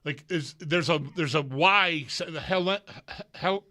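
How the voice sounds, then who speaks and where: A man's voice: fairly high pitch, unhurried, bright, forceful tone. A man co-hosting a sports radio show, chatting in the studio and stumbling over his words, repeating himself as he goes. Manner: stammering, repeats words when flustered. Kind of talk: casual sports talk.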